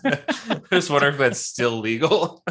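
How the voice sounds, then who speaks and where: A man's voice: fairly high pitch, very animated, unhurried, fairly bright tone. A man co-hosting a podcast in casual chat, wisecracking and laughing often. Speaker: podcast co-host.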